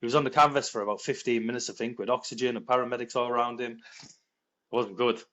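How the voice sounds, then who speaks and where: A man in his thirties, a former paratrooper, telling a story as a podcast guest in lively, quick bursts, acting out what people said. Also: medium pitch. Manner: animated, quick storytelling with acted-out quotes. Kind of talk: conversational storytelling.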